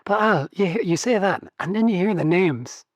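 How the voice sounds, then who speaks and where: A man's voice: high voice, animated, moderate pace, dry recording. A man co-hosting a podcast in casual chat, amused and often laughing as he teases his co-host with questions.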